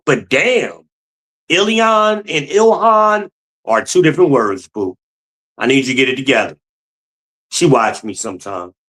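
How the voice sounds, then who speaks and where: A man's voice: mid-range voice, expressive, a little slow, long pauses, fairly bright tone. A man from New Jersey hosting a podcast alone, giving blunt, profane opinion commentary in a mocking tone. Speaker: podcast host.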